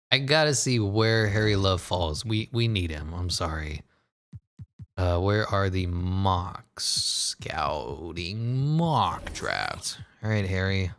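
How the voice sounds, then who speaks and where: A man giving casual, excitable commentary over a basketball video game, joking, laughing and swearing as he plays. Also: low-pitched, unhurried, clear, resonant tone. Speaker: gaming commentator.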